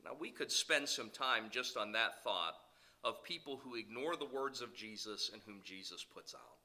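A middle-aged man preaching a sermon, telling stories with sudden loud bursts and soft asides. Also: on the low side, normal speed, rough recording. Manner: animated storytelling, swings between loud bursts and soft asides. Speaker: pastor.

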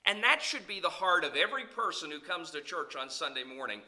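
A man preaching as a pastor, swinging between loud calls and soft, low asides. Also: animated, normal speed, hardly any pauses. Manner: preaching with sweeping rises and drops in pitch and volume. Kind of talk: sermon.

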